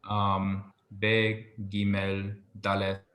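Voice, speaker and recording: A man teaching a one-on-one Hebrew lesson, patient, explaining slowly and repeating pronunciations for his student. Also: deep voice, monotone, a bit bright, roomy sound.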